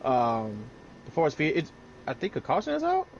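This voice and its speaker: A man giving relaxed color commentary on an online sim race, often stammering and repeating words. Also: on the high side, moderate pace, dull audio, slight background noise.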